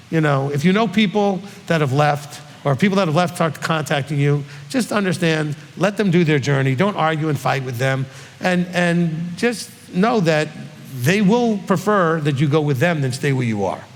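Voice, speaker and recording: A man, a rabbi, teaching in a congregational Q&A, often pausing to ask "okay?" to check his listeners agree. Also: a little high. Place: congregation hall. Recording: long hall reverb.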